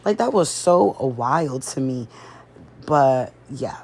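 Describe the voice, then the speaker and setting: Low-pitched woman doing a chatty tv recap, talks right to the viewers. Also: lively intonation, takes it slowly, darkish tone, a little hiss or hum. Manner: chatty, addresses viewers as y'all, acts out quotes. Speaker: reaction video host. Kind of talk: casual reality-show recap and commentary.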